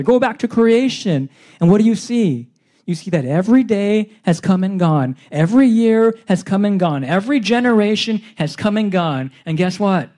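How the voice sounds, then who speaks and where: A man's voice: high voice, a little mellow. A man preaching a verse-by-verse sermon as pastor, emphatic and fond of repeated phrases.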